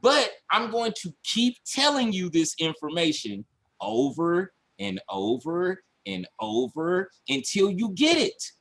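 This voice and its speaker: Animated man telling a money story. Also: high-pitched, takes it slowly, gravelly. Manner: animated storyteller, acts out his own panic with shouts and laughs; repetitive, emphatic. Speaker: online business coach. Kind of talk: casual livestream talk.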